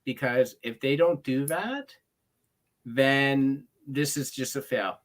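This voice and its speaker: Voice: medium pitch, slow pace. A co-host in a casual wrestling chat, spinning hypothetical scenarios in a chatty way.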